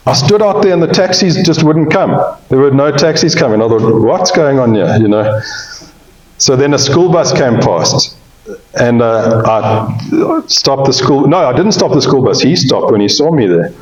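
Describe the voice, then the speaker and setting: A man's voice: medium pitch, lively intonation, a little slow. A man giving a pre-sale presentation on cattle, folksy and joking, often checking in with the audience. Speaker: cattle industry speaker. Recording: roomy, slightly dull sound.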